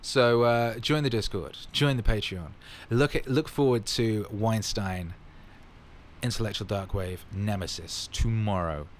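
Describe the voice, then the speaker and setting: A man's voice: fairly low pitch, unhurried, a little hiss or hum. A man casually answering fan questions in his vlog, rambling and upbeat with plenty of fillers.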